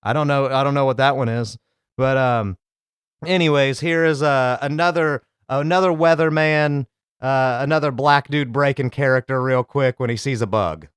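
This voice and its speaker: A male host riffs casually and crudely on news bloopers. His voice is smooth and crisp, recorded close and dry, and he rambles with loose, laid-back asides. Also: medium pitch, normal speed, dry recording. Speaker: comedic video commentator. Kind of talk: casual profane comedy commentary.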